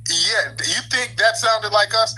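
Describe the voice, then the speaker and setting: A man's voice: high voice, measured pace, sharp tone, husky, rough recording. A man hosting a call-in show, mocking and confronting a caller. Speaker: talk show host.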